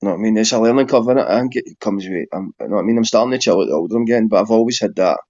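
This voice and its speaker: A man on a video call in casual chat, talking rapidly and saying bro and mate. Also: fairly low pitch, darkish tone, no room sound, highs cut off. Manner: rapid, self-aware, says bro and mate. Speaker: panel guest.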